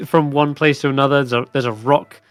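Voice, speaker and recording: A man's voice: mid-range voice, fairly even intonation, fairly quick, no room sound. A man narrates a tabletop fantasy game in a loose, filler-laden way. His middling voice is recorded close and dry, with light music underneath. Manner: casual, rambling with fillers. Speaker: dungeon master.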